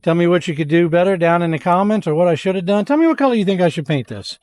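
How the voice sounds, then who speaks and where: A man's voice: high-pitched, animated, fast, darkish tone. A man, chatting folksily to viewers as he shows off his tractor setup outdoors. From Louisiana. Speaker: homestead vlogger. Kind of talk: casual product walkthrough.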